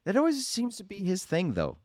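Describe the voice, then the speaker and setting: A man's voice: high-pitched, wildly swooping pitch, a little fast, darkish tone, no echo, clean studio sound. A man co-hosting a casual movie podcast, joking and gushing with enthusiasm. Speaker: podcast co-host.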